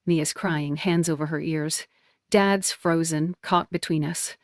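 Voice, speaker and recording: A woman's voice: deep voice, steady tone, measured pace, no room sound, studio quality. A woman narrating a dramatic first-person story in clipped, tense, emotional sentences.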